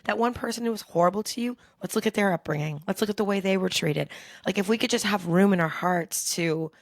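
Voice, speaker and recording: A middle-aged woman co-hosting a podcast, chatting casually and telling frank, animated stories with some swearing. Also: medium pitch, quick pace, dry recording, studio quality. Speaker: podcast co-host. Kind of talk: casual chat.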